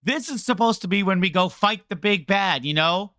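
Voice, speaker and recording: High bright guy streamer ranting at chat, rambly and sarcastic. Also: moderate pace, dry recording, clean studio sound. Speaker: game streamer. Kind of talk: casual game rant to chat.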